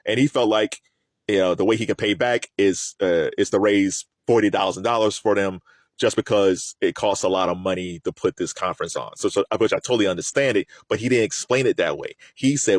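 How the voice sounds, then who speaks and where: Animated man giving casual commentary. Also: lowish voice, brisk, dry recording. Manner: animated, repeats words while thinking.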